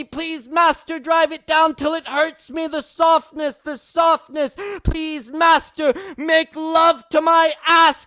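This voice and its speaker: A man hosting a live-streamed poetry open mic. He reads poems with loud, impassioned outbursts and talks in relaxed, quick asides between them. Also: very high voice, no echo, studio quality. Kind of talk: live-streamed poetry reading and host talk.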